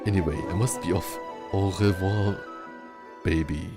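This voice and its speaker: A man reading the lines of a flamboyant, smug male prophet in a video game, playful and theatrical, over loud game music. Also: low voice, normal speed. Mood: flirty, theatrical.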